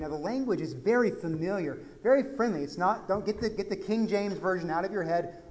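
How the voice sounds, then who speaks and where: A man's voice: high voice, normal speed. Texan man preaching a sermon. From Texas. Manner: conversational, swings from soft asides to loud emphatic peaks. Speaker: pastor.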